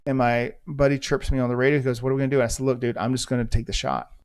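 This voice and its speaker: A man's voice: medium pitch, flat delivery, racing, clean tone. A middle-aged man from the United States, a former police officer hosting a podcast, telling a story in a blunt, intense, profane way. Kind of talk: storytelling monologue.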